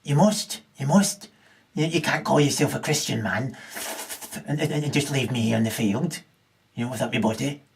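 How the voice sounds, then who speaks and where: A man playing a pleading, self-righteous headless man who whines quietly and accuses. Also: medium pitch, normal speed, vocal fry, recorded from a distance, voice pushed down, lightly acted.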